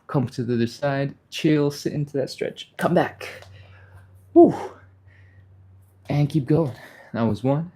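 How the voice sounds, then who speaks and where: Here the stretching instructor has a mellow, medium-pitched voice. Exercising alongside his live follow-along class, he chats casually, encourages viewers, and reads their comments aloud, sighing and breathing hard now and then from the effort.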